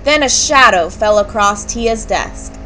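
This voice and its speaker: A woman reading a children's book aloud, with clear and expressive storytelling. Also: mid-range voice, a little slow, slight background noise, poor audio. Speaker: storybook reader.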